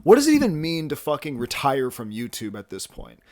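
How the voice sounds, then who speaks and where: A man's voice: mid-range voice, wildly swooping pitch, fairly quick, darkish tone, no room sound, studio quality. A young man in his twenties vlogging at home, rambling and joking at himself with lots of fillers and restarts. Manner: rambling, self-mocking, many fillers and restarts. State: slightly out of breath. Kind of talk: casual rambling vlog.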